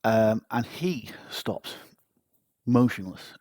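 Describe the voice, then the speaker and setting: A man's voice: fairly low pitch, animated, takes it slowly, darkish tone, no echo. A man hosting a podcast, telling a personal story in a casual, wry, self-mocking way. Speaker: podcast host.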